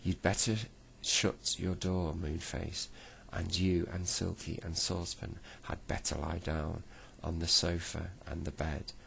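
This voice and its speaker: A man's voice: sits low, little pitch movement, measured pace, creaky, hardly any pauses, fairly bright tone, slight background noise, full character voice, low-quality recording. A man voicing a gloomy, timid male storybook character who complains plaintively.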